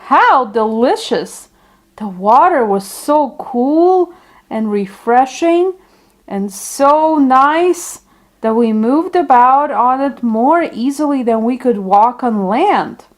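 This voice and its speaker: A woman reads a children's story aloud in a high voice, taking her time over every phrase. The delivery is gentle and unhurried, made for young listeners.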